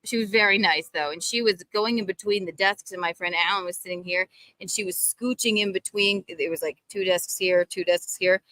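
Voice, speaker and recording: A woman chatting casually, giggly and animated as she tells anecdotes. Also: medium pitch, brisk, low-quality recording. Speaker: livestream co-host. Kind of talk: casual chat.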